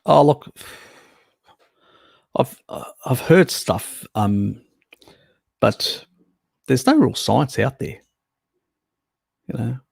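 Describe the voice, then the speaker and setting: A man's voice: medium pitch, lively intonation, drawn-out words, gravelly, pauses often, darkish tone, slightly rough, no room sound, studio quality. An Australian man hosting a live stream, chatting casually and rambling, swearing now and then as he answers viewers. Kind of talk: casual chat reading viewer comments.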